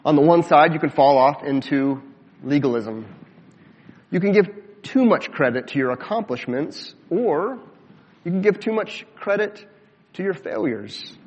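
A man's voice: expressive, a little mellow. Male pastor preaching in a reverberant hall. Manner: measured preaching, slows for emphasis, drops low at phrase ends. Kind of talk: sermon. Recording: dull sound with long hall reverb.

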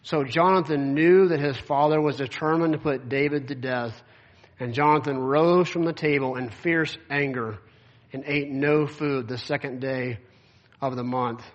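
Male preacher, mid pitch, easygoing conversational delivery, scripture readings, slightly dull recording. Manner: casual, conversational, with many "like" fillers. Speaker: pastor.

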